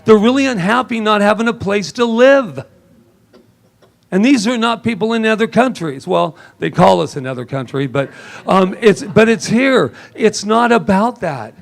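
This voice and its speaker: A man preaching a lively sermon in a church service, joking and laughing often with the congregation. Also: sits high, normal speed, creaky. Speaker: minister.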